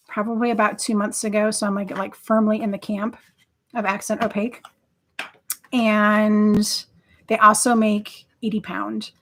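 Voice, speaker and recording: Chatty lady doing a live craft stream, gets excited and rambles a lot. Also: medium pitch. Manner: chatty, enthusiastic, rambling with fillers. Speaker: craft livestream host. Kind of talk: casual live craft demo chat.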